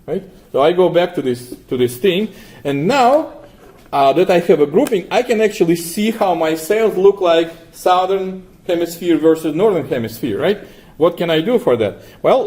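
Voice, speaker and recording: Man lecturing, mellow voice. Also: a little high. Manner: asks the class frequent questions, tags 'right?'. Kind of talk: classroom lecture with software demo.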